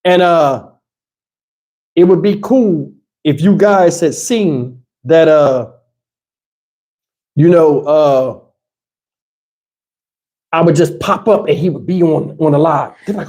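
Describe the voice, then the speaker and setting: A man's voice: fairly high pitch, a little slow, long pauses, darkish tone. A middle-aged man with a Southern US drawl holds a casual live chat. He rambles loosely, laughs a lot and jumps into lines from old movies. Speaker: livestream host.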